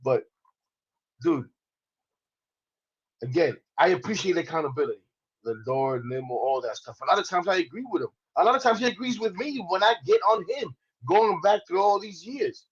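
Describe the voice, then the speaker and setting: A man's voice: sits high, animated, normal speed, breathy edge, lo-fi sound. A man co-hosting a sports podcast, chatting in a laid-back, agreeable way. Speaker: podcast co-host. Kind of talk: casual sports chat.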